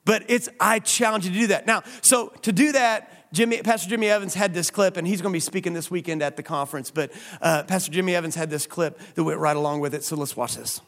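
A man's voice: high voice, fast talker, hardly any pauses, fairly bright tone. A man at church, introducing a clip in loose, playful stage talk. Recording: echoey hall from far off.

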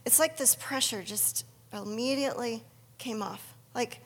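Woman, middle-aged, faith testimony, earnest storyteller, breathy voice, long hall reverb. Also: a little high, lively intonation, normal speed. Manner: earnest, storytelling, acts out her own inner dialogue. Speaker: speaker sharing a faith testimony. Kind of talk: personal testimony talk.

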